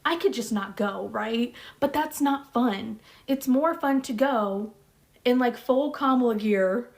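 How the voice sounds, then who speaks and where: A woman's voice: fairly high pitch, slow, creaky. A woman in her thirties telling a personal story to camera in a chatty, blunt, slangy way. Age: 30s. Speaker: vlogger.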